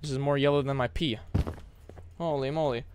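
A young man from America streaming a horror game live, shouting bursts of hype and muttering asides to chat. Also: medium pitch, steady tone, fairly quick.

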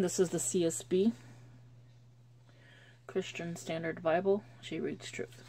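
Chatty woman, low mellow voice. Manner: chatty, rambling, with restarts. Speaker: scripture-writing vlogger. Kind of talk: casual devotional vlog. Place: lives in Chicago.

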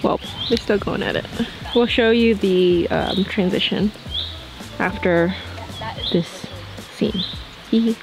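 A young woman vlogging casually from a golf trip, bubbly and quick to laugh. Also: mid-range voice, vocal fry. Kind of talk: casual vlog chat. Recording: loud music under the voice.

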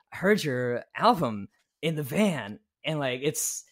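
A musician guesting on a podcast tells stories in casual chat, acting out what people said in lively bursts. His pitch is fairly high, and he takes things slowly.

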